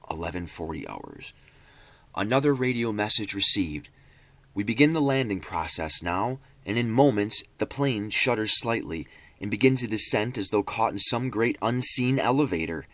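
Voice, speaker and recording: A man reading a diary aloud in a theatrical way, even speaking the punctuation marks. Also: on the low side, dry recording. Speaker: reader.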